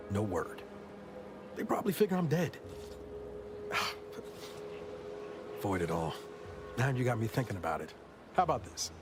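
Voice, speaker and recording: A man's voice: mid-range voice, natural voice. A man playing a weary male space agent, speaking in a dry, wry, reflective way in game dialogue. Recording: game audio with music behind.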